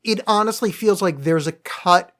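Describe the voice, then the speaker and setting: Brief: man, podcast co-host, sarcastic rambler, fairly high voice. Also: normal speed, a bit bright. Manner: rambling, sarcastic, restarts a lot. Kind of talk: casual chat.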